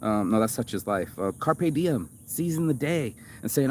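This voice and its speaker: A man of middle pitch talks off the cuff in a loose, rambling monologue. He swears freely and trips over fillers and restarts. A faint hiss runs underneath. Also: animated, normal speed, few pauses, a little mellow. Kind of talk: casual monologue reacting to a video.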